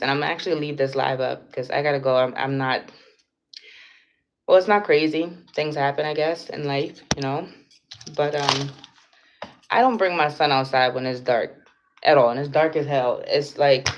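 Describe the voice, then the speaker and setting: A woman's voice: low voice, moderate pace. A young woman on a livestream telling a story from her day, blunt and profane, with lots of fillers. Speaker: vlogger. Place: indoors at home. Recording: slightly dull lo-fi sound with faint noise.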